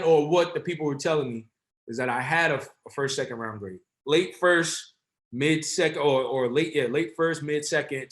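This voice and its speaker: Guest, man from NJ, thirties, lively rambling talker, higher voice. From Essex County, New Jersey. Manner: animated, rambling with slang and self-corrections. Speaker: guest, former pro football player. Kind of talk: casual storytelling.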